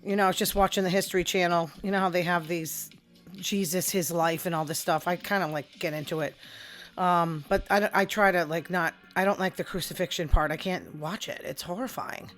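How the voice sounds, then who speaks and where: A woman's voice: lowish voice, steady tone, fairly quick, fairly bright tone, soft background music. A middle-aged woman, hosting a podcast in a casual, rambling, self-deprecating solo monologue. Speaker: podcast host.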